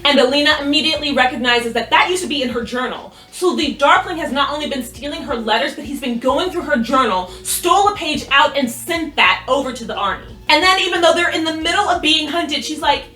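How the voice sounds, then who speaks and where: A woman in a casual recap vlog, excitable and animated, swearing freely as she retells the scenes. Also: sits high, a little fast, few pauses. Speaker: recap youtuber. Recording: roomy, distant mic with music.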